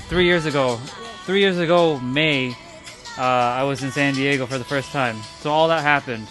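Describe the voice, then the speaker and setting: A man's voice: medium pitch, a bit bright. A young adult man chatting casually about his photos, loose and emphatic, repeating himself and swearing. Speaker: vlogger. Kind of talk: casual chat over photos.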